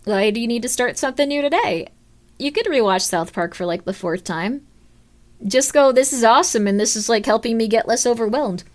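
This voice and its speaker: Casting: fairly high-voiced woman streamer, rambling and upbeat, fillers galore, squeals into excited mock voices. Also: a little fast. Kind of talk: casual chat with viewers.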